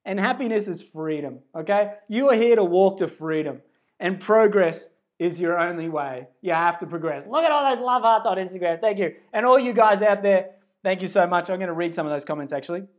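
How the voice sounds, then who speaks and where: A man giving a livestreamed spiritual pep talk into a phone camera, earnest and rambling, swinging between hushed and loud, blunt and casually profane. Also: sits high, fairly quick. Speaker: spiritual self-help speaker.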